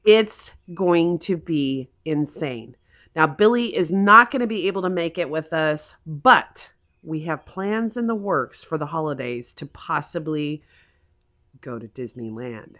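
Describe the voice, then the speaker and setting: A woman in her forties from Oklahoma talks straight to her own vlog camera in easy, rambling sentences. Her voice sits a little on the low side, and she gushes with feeling, piling one thought onto the next. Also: lively intonation, measured pace, a bit bright. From Oklahoma, USA. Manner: gushing, emotional, rambling. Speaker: vlogger. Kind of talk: casual vlog chat.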